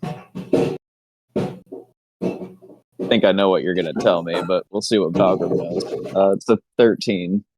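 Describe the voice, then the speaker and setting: A man playing a tabletop game, describing his character's moves and dice rolls with halting fillers. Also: low-pitched, steady tone, a little mellow, husky, no echo, soft background music, rough recording. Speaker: player. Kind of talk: casual tabletop game play.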